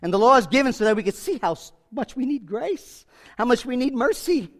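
Animated male preacher with a high voice, casual sermon delivery, acts out bits of dialogue. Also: brisk. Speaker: pastor.

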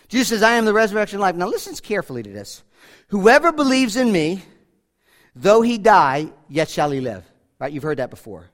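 A pastor preaching a sermon, emphatic, often dropping to a hush and asking the congregation direct questions. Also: male voice, a little high, very animated, moderate pace. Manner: emphatic preaching, swings from loud to hushed.

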